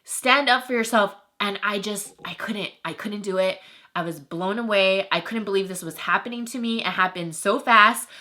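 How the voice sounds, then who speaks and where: A young woman vlogger telling an emotional story in an animated way, filling her talk with "like" and "you know". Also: medium pitch, moderate pace.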